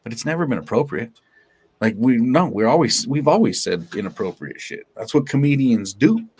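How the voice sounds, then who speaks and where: A man, a stand-up comedian and guest, talking casually in an interview in a brash, profane, animated way, laughing often. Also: medium pitch, normal speed, slightly rough.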